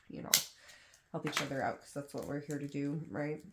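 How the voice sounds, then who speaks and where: A woman's voice: low-pitched, a little fast, creaky, very noisy. A young woman chatting casually while she sorts craft supplies at home, rambling and poking fun at herself with lots of fillers. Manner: rambling, self-deprecating, many fillers. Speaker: crafting vlogger. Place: home, kids in another room.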